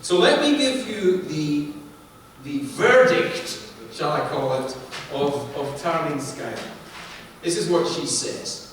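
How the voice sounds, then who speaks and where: A man giving an academic lecture at a university, animated and asking himself questions before answering them. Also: on the high side, slow pace, slight background noise. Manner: animated, asks and answers his own questions. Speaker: visiting professor lecturing on authorship. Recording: roomy hall, distant mic, faint ambience.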